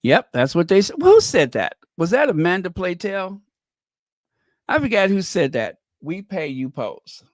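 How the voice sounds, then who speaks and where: A man's voice: sits high, big pitch swings, moderate pace, dry recording, clean studio sound. A man hosting a livestream, reading out viewer comments and giving emphatic commentary that repeats key phrases. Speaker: livestream host.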